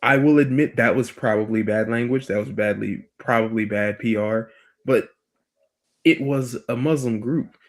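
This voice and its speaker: A man's voice: mid-range voice, moderate pace. A man hosting a podcast, talking bluntly in casual opinion chat and swearing freely. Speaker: podcast host.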